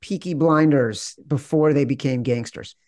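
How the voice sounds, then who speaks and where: A man's voice: a little high, a little mellow, no room sound, clean studio sound. A man hosting a sports betting podcast, upbeat and jokey, running through promos and banter. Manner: upbeat, jokey, quick ad reads. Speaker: podcast host.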